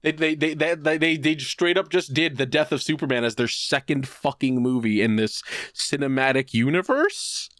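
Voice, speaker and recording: A man co-hosting a podcast, telling a long story in casual chat. He is animated and profane, and he slips into put-on voices to act out quotes. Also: fairly high pitch, normal speed, few pauses, no room sound, clean studio sound. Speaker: podcast co-host.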